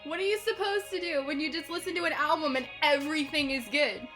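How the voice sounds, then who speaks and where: A woman reviewing an album in a reaction video, excitable and swearing, swinging between hushed whispers and shouts. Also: high voice, fast talker. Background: album music playing.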